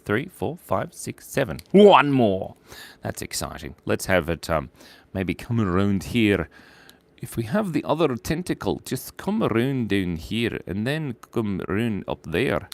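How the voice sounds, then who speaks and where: A man's voice: fairly low pitch, sing-song, unhurried, vocal fry, no echo. Playful man drawing live for viewers. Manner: playful, giggly, silly asides. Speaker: animator hosting a drawing livestream.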